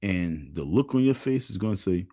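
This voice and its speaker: A man's voice: low voice, moderate pace, no room sound. Black guy ranting on his stream, voice jumping all over, mocks people, dry sound. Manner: animated, repetitive chanting, mocking voices. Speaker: livestream host. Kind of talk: casual livestream rant.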